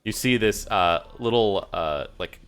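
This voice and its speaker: A man's voice: fairly low pitch, a little slow, fairly bright tone, faint music behind. A man narrating a tabletop game as game master, describing scenes loosely with many fillers. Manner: rambling, filler-heavy description.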